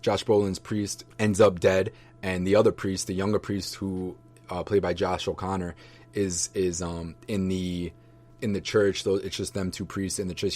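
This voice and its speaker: A man with a very low, deep voice ramblingly reviews a film for his viewers. He talks loosely and warmly, full of fillers and restarts, with plenty of enthusiasm. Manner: enthusiastic, affectionate toward viewers. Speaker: vlogger reviewing books and movies.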